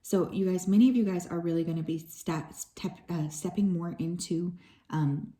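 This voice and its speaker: A woman with a low, warm voice talks through a tarot reading for her viewers. She is relaxed and conversational, drifting into asides and filling pauses as she goes. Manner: relaxed and chatty, with frequent fillers and soft asides. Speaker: tarot reader.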